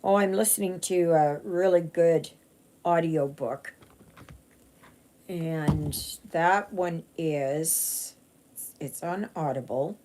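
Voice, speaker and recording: This Canadian cross-stitch vlogger has a low-pitched, dark voice and a slow pace, rambling with fillers and restarts while stitching live. A little hiss or hum sits under the recording.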